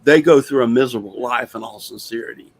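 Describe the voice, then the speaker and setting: Speaking fast in a gravelly, creaky voice of ordinary pitch, an older host in his sixties spins a plainspoken, rambling folksy tale on a casual talk show. The audio quality is poor.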